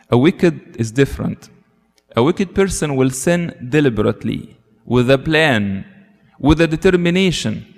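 Man, earnest sermon, long echo of a hall, pitch jumps up for emphasis. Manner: earnest, rises in pitch for emphasis, asks rhetorical questions. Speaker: preacher.

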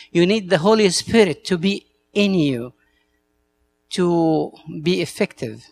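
Earnest gravelly priest, Egyptian accent. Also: male voice, high-pitched, expressive, takes it slowly, darkish tone, soft background music. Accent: Egyptian Arabic. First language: Arabic. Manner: earnest, storytelling, broken English. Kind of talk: talk to church servants.

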